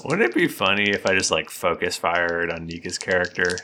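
A man's voice: low-pitched, a little fast, sharp tone, slight background noise. A man running a tabletop game as game master, narrating the action in a playful, teasing way.

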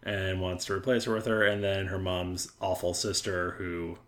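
A man's voice: deep voice, little pitch movement, normal speed, a bit bright. A man co-hosting a podcast, chatting casually with a wry sense of humor. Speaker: podcast co-host. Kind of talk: casual chat.

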